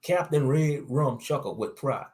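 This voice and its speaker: A man reading a story aloud as its narrator, in a plain, unhurried way. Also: mid-range voice, darkish tone.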